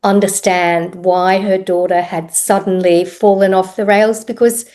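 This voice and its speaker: A middle-aged woman telling her own story as a podcast guest, reflective and halting, often pausing with "um". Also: mid-range voice, steady tone, a little mellow. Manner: reflective, unhurried, pauses with ums. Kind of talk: personal story in interview.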